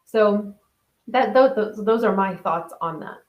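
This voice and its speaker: A woman's voice: mid-range voice, a little slow, lo-fi sound. Chatty woman in a roomy echo. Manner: chatty, thinks aloud with many restarts and "right?". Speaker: host of a mindfulness talk reading viewer comments. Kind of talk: casual live-stream chat.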